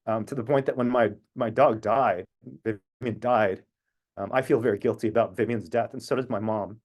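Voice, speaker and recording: Here an activist on a video call shares a personal story, his mid-range voice a touch mellow and moving a little quickly. His manner is earnest and reflective, full of long digressions, with moments of emotion.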